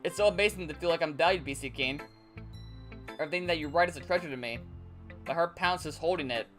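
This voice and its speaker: A man reading the lines of a shy, flustered bookish young woman aloud from a game, halting and stammering. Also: fairly high pitch, a bit bright, soft background music, lightly acted. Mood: nervous.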